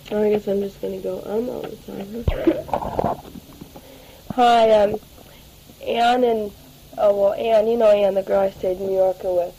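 Chatty teen girl, mellow voice. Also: medium pitch, a little hiss or hum, low-quality recording. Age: late teens. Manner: rambling and chatty, with many fillers and restarts. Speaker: letter writer. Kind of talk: spoken audio letter to family.

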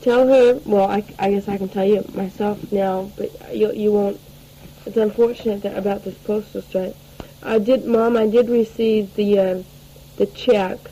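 Brief: young woman in her late teens, rambling audio letter home, warm mellow tone, faint hiss. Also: mid-range voice, fairly even intonation, a little slow, rough recording. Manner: rambling and chatty, with many fillers and restarts. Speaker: letter writer. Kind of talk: spoken audio letter to family.

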